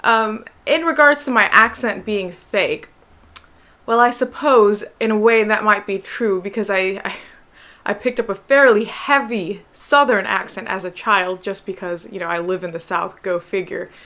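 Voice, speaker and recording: Talking to camera at normal speed, a young woman from the United States, a doctor who vlogs, answers claims with exasperated sarcasm in a general American accent. Her mid-range voice has a bright, forceful tone.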